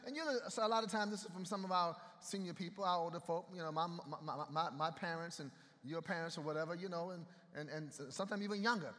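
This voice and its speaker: A man's voice: high voice, fast, hardly any pauses, fairly bright tone. A man preaching a sermon in a conversational way and bantering with the congregation, heard in an echoey hall. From United States. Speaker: pastor.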